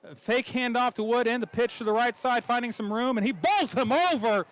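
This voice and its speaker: A man calling high school football play-by-play, excitable, with quick play calls, stumbles and laughs. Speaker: play-by-play announcer.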